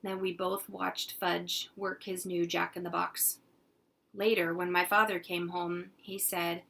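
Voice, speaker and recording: A woman teacher reading a children's chapter book aloud in gentle, unhurried storytelling. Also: on the low side, flat delivery, vocal fry.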